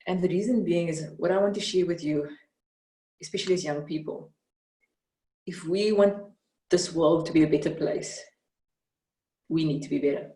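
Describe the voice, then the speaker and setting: A South African woman telling stories in an earnest, reflective way, with frequent fillers and lively bursts when retelling. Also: lowish voice, normal speed, pauses often. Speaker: interviewee, mentor. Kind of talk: reflective storytelling in conversation. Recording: roomy, from some distance off the mic.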